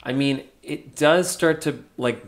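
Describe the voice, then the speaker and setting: A young man in casual podcast chat, mid-pitched and easygoing. He rambles a little, circling back with fillers and restarts as he thinks aloud. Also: slow. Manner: chatty, hesitant with many fillers and restarts. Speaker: podcast co-host.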